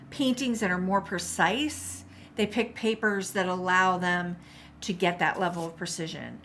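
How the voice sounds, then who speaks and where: Encouraging woman, live painting tutorial, chatty, middle pitch, slight background noise. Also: a bit bright. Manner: chatty, encouraging, reads out viewer comments. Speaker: art instructor.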